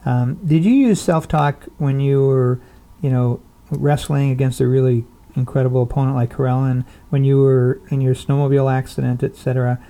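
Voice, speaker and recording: A man's voice: mid-range voice, fairly even intonation, moderate pace, mellow. A man interviewing a guest, asking questions with hesitant fillers. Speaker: podcast interviewer.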